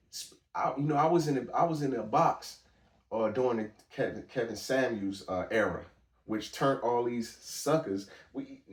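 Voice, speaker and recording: A podcast host delivers a casual commentary monologue in a medium-pitched voice, sitting far from the mic in an echoey room. His street-style talk is blunt and emphatic, full of restarts.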